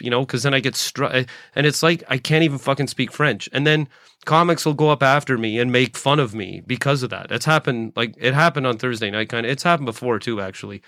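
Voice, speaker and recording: A man's voice: mid-range voice, fairly quick, a bit bright, no echo, clean studio sound. A man in his late forties, a comedian hosting his own podcast, rambling through a casual solo monologue, swearing freely and restarting his sentences. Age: 40s. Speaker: podcast host, stand-up comedian.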